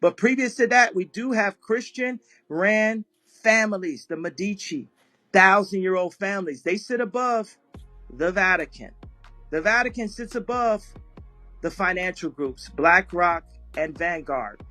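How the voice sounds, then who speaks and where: A man's voice: high-pitched, animated, a little slow, bright, forceful tone, soft background music. A man telling a story in a casual live chat, often breaking into laughter as he talks. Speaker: guest speaker on an audio chat room.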